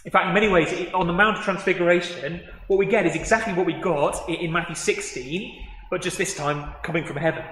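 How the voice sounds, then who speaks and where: A man delivers a sermon in an echoey hall, his voice a touch high. He acts out quoted words with growing excitement. Faint room ambience sits behind him. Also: noisy background. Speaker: preacher. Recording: echoey hall with long reverb.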